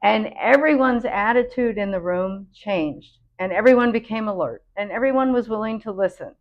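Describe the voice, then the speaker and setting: A woman's voice: mid-range voice, moderate pace, lo-fi sound. A woman host, a computer consultant, earnestly explaining a public safety warning.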